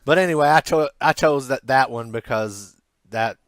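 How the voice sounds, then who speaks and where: A man's voice: mid-range voice, moderate pace, a bit bright, no room sound. A man co-hosting a casual rock podcast, joking and teasing. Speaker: podcast co-host.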